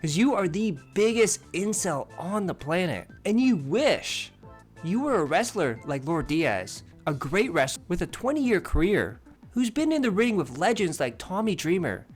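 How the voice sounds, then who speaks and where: A man hosting a commentary video, mocking and insulting his target in a sneering, animated way. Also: high-pitched, unhurried, soft background music. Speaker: commentary channel host.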